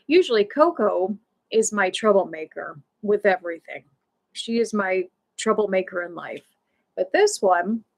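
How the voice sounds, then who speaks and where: Chatty woman on a live stream, rambling story w lots of "you know"s, mid pitch. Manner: rambling, filler-heavy, animated. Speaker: livestream host. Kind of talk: casual storytelling to a live chat.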